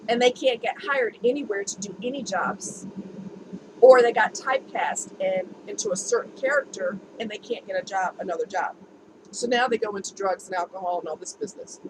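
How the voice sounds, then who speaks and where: A woman's voice: mid-range voice, brisk. Chatty woman vlogger, noisy recording. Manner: chatty, candid, laughs easily. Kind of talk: casual talk to camera. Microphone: camera mic. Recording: home video with noticeable background noise.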